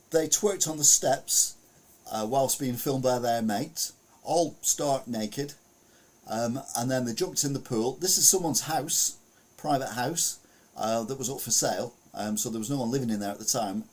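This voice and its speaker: A man's voice: medium pitch, moderate pace, darkish tone. A man hosting a casual news podcast, rambling and chuckling as he reads out stories and mutters asides to himself while sharing his screen. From United Kingdom. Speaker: podcast host.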